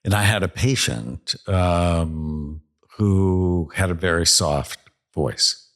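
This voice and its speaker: A man with a deep, low voice hosts a podcast interview. He speaks slowly and deliberately, in an earnest, reflective way. He is a psychiatrist, and he talks as one. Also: a bit bright.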